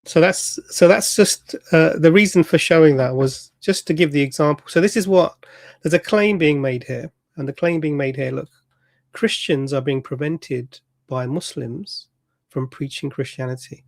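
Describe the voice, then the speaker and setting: A man hosting an online panel, emphatic as he explains his point. His voice is fairly high, and the sound is dry and close. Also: moderate pace, creaky, no room sound.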